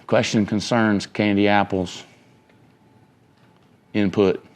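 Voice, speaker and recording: A man's voice: fairly low pitch, flat delivery, takes it slowly. A man giving an informal motivational talk to students, emphatic and rambling, often checking whether the room follows him. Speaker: entrepreneur and motivational speaker.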